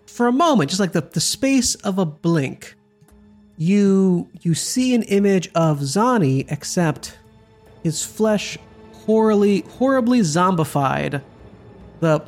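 A game master narrating a tabletop session with a lively, swooping delivery and frequent restarts. Faint music runs underneath. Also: medium pitch.

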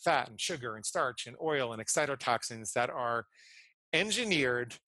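Bright-voiced middle-aged man telling his story. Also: medium pitch, lively intonation, no echo, low-quality recording. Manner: earnest, explanatory, slows down to stress key words. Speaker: podcast guest. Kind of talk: personal storytelling and explanation.

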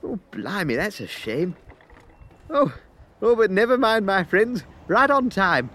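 A man's voice: sits high, sing-song, measured pace, pushed and bright. A man narrating a comic audio sketch, bumbling and chatty, talking to listeners as his friends.

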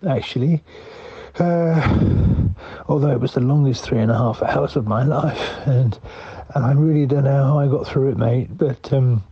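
Creaky, mellow man whispering rambling voice notes. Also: mid-range voice, lo-fi sound. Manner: hesitant and rambling, with many restarts; whispering quietly. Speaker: comedy podcast co-host. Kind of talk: improvised comic voice-message monologue.

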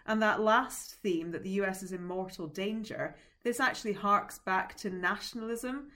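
A woman, a politics teacher, explaining the issues calmly and at length on a podcast, now and then laughing. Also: mid-range voice. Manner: explanatory, measured, occasional laughs. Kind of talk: analytical podcast discussion.

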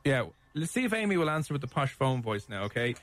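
An Irish man hosts a radio show with a middle-pitched voice, ribbing his co-host and laughing easily. He sounds dry and close to a studio mic. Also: sing-song, a bit bright, no room sound. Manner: jokey and teasing, quick to laugh. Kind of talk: casual radio chat.

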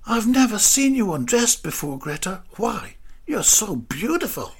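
Guy putting on a higher flustered salesman voice, raspy, all over the place. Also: sing-song, measured pace, full character voice. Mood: grateful. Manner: polite but exasperated. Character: flustered clumsy middle-aged salesman.

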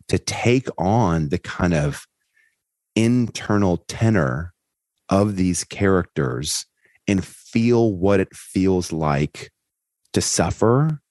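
Deep-voiced man telling a story. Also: no room sound. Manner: animated storyteller, voice climbs high when excited. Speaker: podcast host. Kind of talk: conversational storytelling in an interview.

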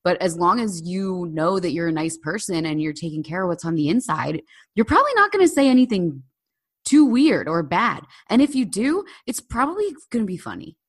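A woman with a somewhat low voice co-hosts a relaxed conversation. She talks in a chatty, storytelling way, slipping into lively voices when she quotes people. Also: brisk, breathy edge. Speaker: podcast co-host. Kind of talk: casual chat. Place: living abroad in Britain.

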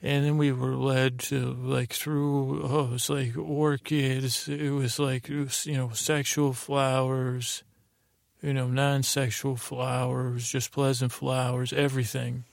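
Host, male, gravelly low-key storyteller, flat delivery, dry close sound, wandering and hesitant. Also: slow, no echo. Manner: meandering, hesitant, full of restarts and asides. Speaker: podcast host. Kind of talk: rambling sleep-story narration.

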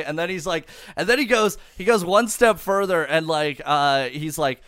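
A young man co-hosting a casual comedy podcast, telling an animated, profane anecdote and quoting the people in it. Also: on the high side, normal speed, hardly any pauses, smooth, no echo, studio quality. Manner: profane, animated storytelling with quoted voices. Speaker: podcast co-host.

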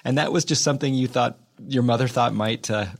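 A man's voice: medium pitch, brisk, vocal fry. A man hosting an interview podcast, asking his guest questions in an admiring, eager way. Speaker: podcast host.

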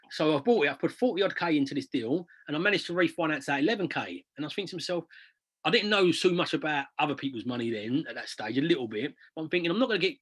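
A man's voice: a little high, slightly rough. A man who invests in property, telling stories in a chatty, rambling way in an interview, often repeating words as he restarts. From southern England. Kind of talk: casual interview storytelling.

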